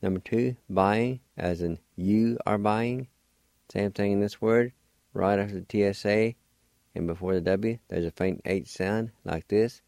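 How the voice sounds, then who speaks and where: A man hosting a radio language lesson, spelling each word letter by letter and then sounding it out slowly and deliberately. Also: fairly low pitch, a little mellow, dry recording. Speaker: radio host teaching words.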